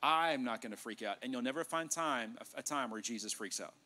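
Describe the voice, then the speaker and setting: A male pastor preaching a sermon in a church, animated, joking with the congregation and acting out dialogue. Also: medium pitch, a little fast. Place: church sanctuary.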